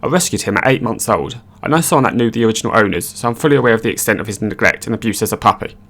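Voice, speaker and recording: A man giving scripted narration of online stories in a brisk, matter-of-fact reading voice. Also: fairly low pitch, fairly bright tone.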